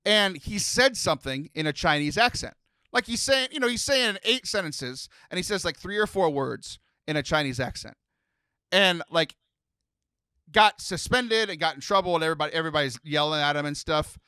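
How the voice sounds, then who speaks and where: Male podcast host from Texas, animated rambler, bright tone. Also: a little high, moderate pace, smooth, no echo. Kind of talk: casual podcast chat.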